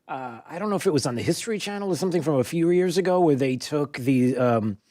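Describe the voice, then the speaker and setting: A man hosting a morning talk radio show in a loose, conversational way. His voice sits a little high, and he halts often on fillers and restarts as he thinks aloud. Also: lively intonation, dark tone, dry recording, studio quality. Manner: halting, many fillers and restarts, laughs easily. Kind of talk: casual morning radio chat.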